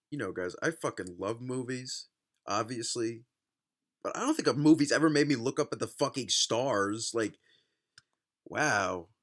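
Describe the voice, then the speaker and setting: A young man doing a sarcastic, profane comedic reaction to a book, mocking it with loud outbursts and muttered asides. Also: mid-range voice. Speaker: vlogger reviewing a book.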